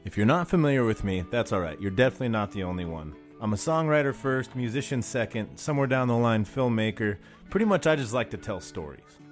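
A man's voice: medium pitch, expressive, fast talker, hardly any pauses, soft background music. A man hosting his own podcast from a practice studio, talking in a blunt, profane, angry rant. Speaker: podcast host. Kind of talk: solo podcast monologue.

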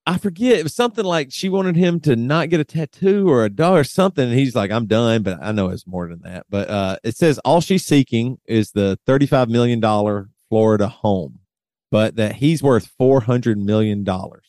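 A man's voice: mid-range voice, lively intonation, a little mellow, dry recording, studio quality. A man hosting a casual chat, reading out news items with loose asides. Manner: loose, reads out figures with halting asides. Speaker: podcast host.

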